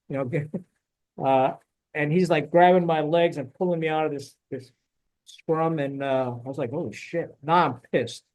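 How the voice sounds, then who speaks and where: Man, ex-Marine interview guest, blunt, salty war storyteller, somewhat high voice. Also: darkish tone.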